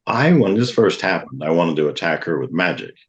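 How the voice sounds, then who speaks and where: A man's voice: low voice, big pitch swings, brisk, muffled recording. A middle-aged man, a guest on a talk show, earnestly telling a personal testimony and acting out what others said. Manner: earnest, vivid retelling with acted-out quotes.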